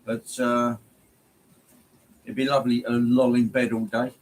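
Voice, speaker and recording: A man's voice: mid-range voice, flat delivery, measured pace, low-quality recording. A man hosting a casual livestream, greeting viewers by name and rambling along with plenty of ums. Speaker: livestream host. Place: home hobby room, indoors.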